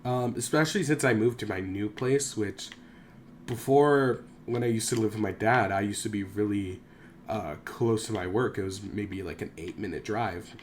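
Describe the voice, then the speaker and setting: A young man with a lowish voice rambles through a casual vlog monologue, dropping frequent swears and self-deprecating asides. A faint hum of room ambience sits underneath. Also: moderate pace. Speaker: YouTuber.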